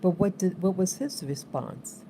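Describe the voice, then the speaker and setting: A woman's voice: on the low side, lively intonation, measured pace, dark tone, slight background noise. A woman vlogger telling a story in a casual, rambling way, repeating herself for emphasis.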